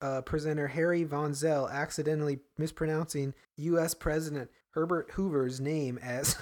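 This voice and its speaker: A man's voice: a little high, steady tone, moderate pace, hardly any pauses, darkish tone. A man co-hosting a casual chat, playful and often laughing as he reads odd word mix-ups aloud. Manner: playful, laughing, trying silly voices. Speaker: podcast co-host.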